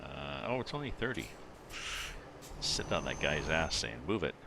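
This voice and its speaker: A middle-aged man with an extremely deep, gravelly voice chats loosely with his live viewers, wandering between thoughts with plenty of ums. His delivery rises and falls in a lively way, and game engine and road noise runs clearly beneath him. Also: a little slow. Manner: rambling, thinks aloud with many fillers. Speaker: livestreamer playing a driving game. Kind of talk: casual chat with live viewers. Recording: game vehicle noise underneath. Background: truck engine and road sounds from the game.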